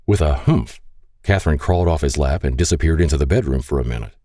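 A man narrates a romance audiobook in an extremely deep, husky voice. His intonation rises and falls in a lively way, and the tone stays dark and mellow. The recording is dry and close. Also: fairly quick, no room sound.

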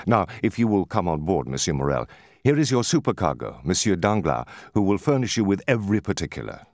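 A man's voice: low voice, very animated, brisk, a little mellow, dry recording, clean studio sound. A man voicing an earnest, sorrowful young male sailor in an audiobook. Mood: grave. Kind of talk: audiobook character voice.

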